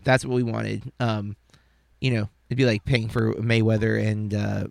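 A man's voice: fairly low pitch, little pitch movement, unhurried, vocal fry, dry recording, clean studio sound. A man co-hosting a podcast, talking casually and hesitantly, with many fillers. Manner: rambling, hesitant, lots of fillers. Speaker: podcast co-host. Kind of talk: casual chat.

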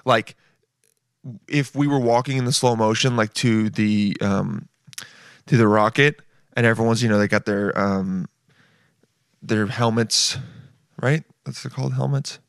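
A male comedian hosts a podcast, riffing in a loose, goofy ramble that pokes fun at himself. His voice is bright and forward. The recording is dry and close, with no room sound. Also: mid-range voice, dry recording. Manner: rambling, goofy, self-mocking. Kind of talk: casual rambling comedy monologue.

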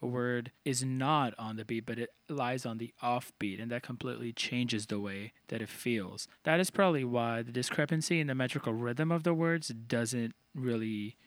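A man's voice: mid-range voice, normal speed, few pauses, no echo. Methodical man explaining song structure. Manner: explanatory, methodical, counts out beats. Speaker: co-host analyzing song lyrics. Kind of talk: casual analytical chat.

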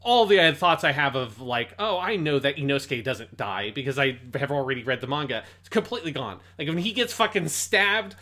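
A man's voice: medium pitch, animated, fairly quick, hardly any pauses, sharp tone. A man co-hosting a casual podcast about anime, talking enthusiastically with frequent swearing and restarts. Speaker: podcast co-host.

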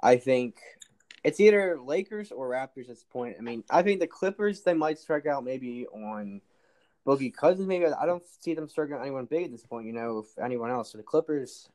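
A man's voice: medium pitch, animated, normal speed, darkish tone. A man talking as a guest in a casual sports chat, giving strong opinions and repeating his points.

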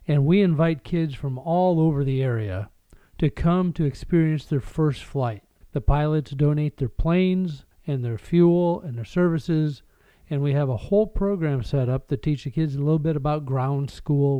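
A man's voice: a little high, dry recording. A man in a casual conversation, telling an earnest, enthusiastic anecdote. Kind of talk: casual chat. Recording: dull dry lo-fi audio.

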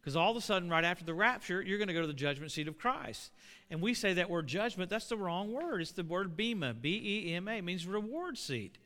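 Middle-aged male preacher, high and piercing, smooth voice, long hall reverb. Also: a little fast. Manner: animated, building to shouts. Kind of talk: sermon.

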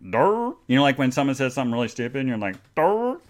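A podcast host talks very fast in a medium-pitched voice with fairly even intonation. During his live show he rambles chattily, reads out comments from listener chat, and makes jokingly sarcastic plugs.

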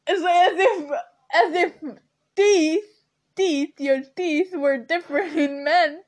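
A young woman hosting a casual podcast, reacting to products with animated commentary and frequent hard laughter. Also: high-pitched, a little slow. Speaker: podcast host.

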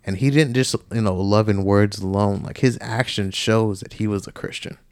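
Low-voiced man, earnest podcast talk. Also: fairly even intonation, normal speed, a little mellow, clean tone, dry recording. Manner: earnest, many filler "like"s. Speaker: podcast co-host. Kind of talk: casual faith discussion.

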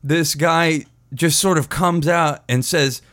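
A man's voice: a little high, slow, fairly bright tone, no echo, clean studio sound. A man hosting a podcast, telling a story in a rambling, profane way and often laughing at his own words. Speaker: podcast host. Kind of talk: casual storytelling.

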